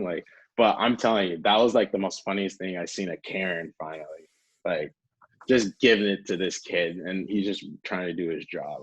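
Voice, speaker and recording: A man's voice: deep voice, moderate pace, slightly rough, no room sound, rough recording. A young man from North Carolina, a guest telling stories casually, rambling and peppered with filler words. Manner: rambling, peppered with 'like', acts out quotes. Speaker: guest, pro hockey player. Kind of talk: casual storytelling.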